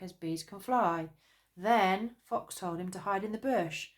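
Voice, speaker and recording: A woman narrating a children's storybook in an expressive storytelling manner. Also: mid-range voice, a little slow.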